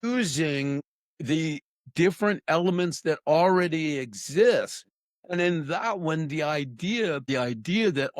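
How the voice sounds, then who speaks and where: A talkative, animated man speaking as a guest in a conversational podcast interview, often restarting his sentences. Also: on the high side, a little slow, dry recording, clean studio sound.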